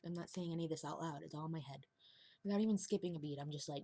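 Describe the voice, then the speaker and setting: Husky woman rambling in a close vlog. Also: sits low, very fast, warm tone, no room sound. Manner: rambling, laughing, dropping to whispers. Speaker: vlogger. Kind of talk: confessional casual monologue.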